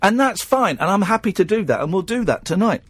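Rambling English radio host, dry studio sound. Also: male voice, sits high, very animated, brisk, breathy edge, no echo. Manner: rambling, stammering restarts, teasing. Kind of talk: late-night phone-in radio chat. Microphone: studio microphone.

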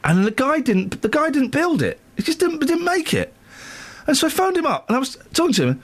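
A man's voice: very high voice, a little fast. A man hosting a radio show, chatting casually and telling jokey stories. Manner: jokey, storytelling, animated.

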